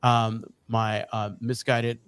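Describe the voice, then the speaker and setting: A man's voice: medium pitch, flat delivery, takes it slowly, fairly bright tone, clear, resonant tone. A man co-hosting a recovery podcast, chatting casually in a playful, self-deprecating way with frequent laughs. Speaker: podcast co-host. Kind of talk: casual chat.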